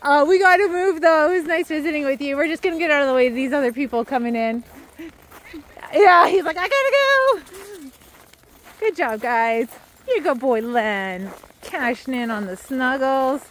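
A woman walking a large pack of dogs outdoors, chatting casually to the camera and calling out to the dogs in a sing-song voice. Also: a little fast. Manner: switches to high sing-song praise when calling the dogs. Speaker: dog walker. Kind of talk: casual vlog narration while walking dogs. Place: outdoors on a trail near a river.

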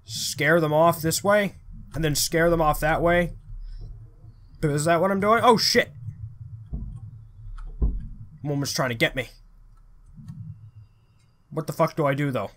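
A man giving let's play commentary, excitable, swearing a lot and thinking aloud as he plays. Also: on the high side, slight background noise. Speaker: gamer.

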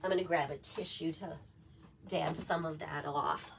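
Raspy, gravelly-voiced woman teaching crafts. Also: low voice, fairly even intonation, normal speed, a little hiss or hum. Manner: step-by-step instruction with frequent okays. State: hoarse. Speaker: papercraft demonstrator. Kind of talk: crafting tutorial. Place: home craft studio.

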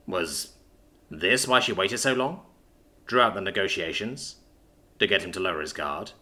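A man narrating a fantasy story in an expressive, dramatic reading. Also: lowish voice, normal speed. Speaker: audiobook narrator. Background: faint background music.

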